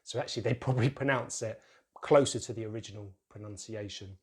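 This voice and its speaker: British man teaching pronunciation slowly. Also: on the low side. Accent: British English. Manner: slow, careful enunciation of repeated example words. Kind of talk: pronunciation lesson.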